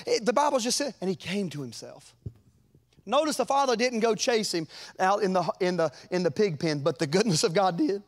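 A man preaching a sermon, fervent and folksy, climbing to loud peaks and dropping to quiet asides. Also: lively intonation, fairly quick. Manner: fervent, rises to shouts then drops low; folksy, repeats words.

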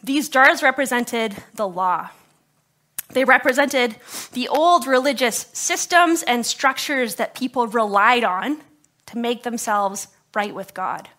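A woman preaching to her congregation in a bright, fairly high voice with a touch of scratchiness in her throat. She keeps the sermon conversational, tossing in quick jokes and asides to the people in front of her. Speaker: pastor. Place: church service before a congregation.

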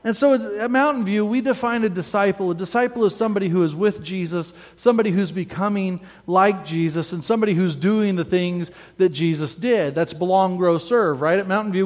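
A man with a notably high voice preaches as a pastor, keeping it conversational and often checking in with a quick "right?". He slips into his listeners' voices to act out their doubts. His words ring out with the long reverb of a church hall. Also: a little mellow. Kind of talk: sermon.

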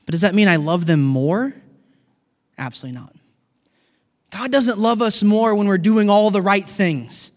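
Animated middle-aged preacher, high voice, reverberant hall. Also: male voice, normal speed, long pauses. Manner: animated, acts out dialogue with God. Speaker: pastor. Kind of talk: sermon.

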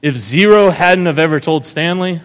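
Speaking at normal speed in a slightly high voice, a pastor delivers a sermon, casually retelling a story and frequently tossing in "right?" The recording carries a long hall reverb.

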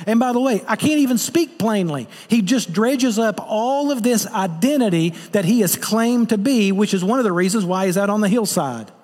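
Pastor, male, high voice, earnest preaching with rhetorical questions; long hall reverb. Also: darkish tone. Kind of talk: sermon.

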